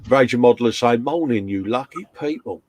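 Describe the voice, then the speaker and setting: A man's voice: medium pitch, darkish tone, no echo. A man hosting a casual live stream, reading out chat messages and greeting viewers with a laugh. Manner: chatty, reads chat messages aloud, laughs often.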